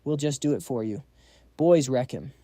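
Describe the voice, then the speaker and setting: Guy doing a thug boss, sneering threats, mellow voice, dry. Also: medium pitch, expressive, normal speed, no room sound, lightly acted. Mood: menacing. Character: menacing male gang leader.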